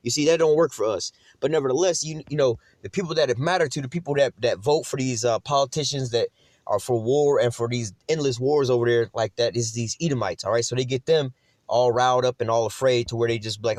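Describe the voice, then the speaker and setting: A man preaching informally on scripture and prophecy, talking quickly in a loose, profane, conversational way. His voice sits at an ordinary pitch and sounds dry and close, with no room echo. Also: darkish tone. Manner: profane, conversational, keeps asking "you know?". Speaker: religious teacher.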